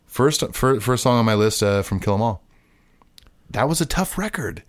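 In a dry recording, a man with a mid-range voice co-hosts a podcast at a moderate pace. He chats casually in a relaxed, rambling way, often restarting and using fillers.

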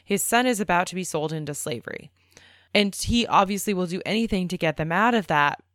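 A woman co-hosting a podcast, arguing her points in an animated, casual way. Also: fairly low pitch, brisk, dry recording, studio quality. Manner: animated, argumentative. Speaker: podcast co-host. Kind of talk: casual discussion.

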